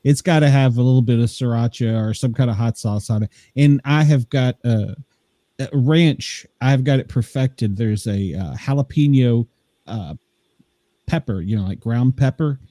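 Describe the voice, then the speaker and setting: Brief: man from the US South, warm mellow voice, dry close sound, unhurried and halting. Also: medium pitch, dry recording. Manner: laid-back, halting with fillers. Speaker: podcast guest. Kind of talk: casual chat.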